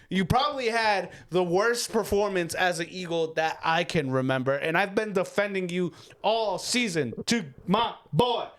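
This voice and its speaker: A man in a casual sports podcast, getting fired up and ranting, cursing as he goes. His voice sits fairly high for a man. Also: normal speed, hardly any pauses, a bit bright. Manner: fired-up, ranting, swears freely. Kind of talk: heated casual sports talk.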